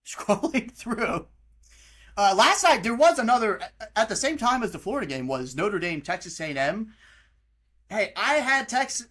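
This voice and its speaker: A man's voice: high-pitched, a bit bright. A young American man in his twenties hosting a casual podcast, ranting heatedly about college football and mocking teams with plenty of swearing. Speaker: podcast host. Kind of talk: casual sports rant.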